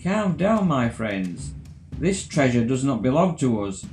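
Man putting on a pirate captain, loud and bossy, kinda declaiming, echoey room. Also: medium pitch, very animated, unhurried, faint music behind. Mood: commanding. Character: gruff male pirate captain turned honest.

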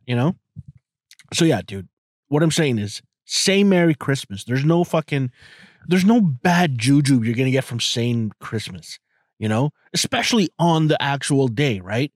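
A man in his forties talks in a loose, rambling podcast monologue, swearing and piling up fillers. His voice sits at an ordinary pitch, and the recording is dry and close with no room sound around it. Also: animated, a little slow, no room sound. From outside the US. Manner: rambling, profane, full of fillers. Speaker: podcast host. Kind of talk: casual monologue.

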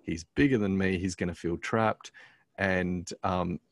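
A man, a pastor telling a story as a guest in a casual conversation, halting often with "um" and restarting his sentences. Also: deep voice, fairly even intonation, dry recording.

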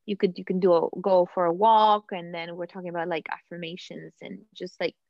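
Gravelly, flat-voiced woman, reflective. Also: on the low side, brisk, no room sound. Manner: reflective and hesitant, with restarts. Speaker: podcast co-host and medium. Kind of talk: casual chat. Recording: dull, dry lo-fi sound.

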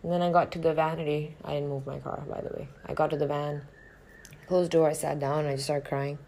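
A woman's voice: low voice, little pitch movement, fairly quick, gravelly, warm tone. A woman, an actor telling a personal story in a frank, reflective and profane way. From northern India.

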